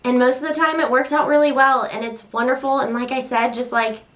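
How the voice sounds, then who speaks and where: Chatty, exasperated young mom vlogger. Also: female voice, steady tone, a little fast, a bit bright. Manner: chatty, exasperated, acts out voices in high squeals. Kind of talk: casual venting vlog.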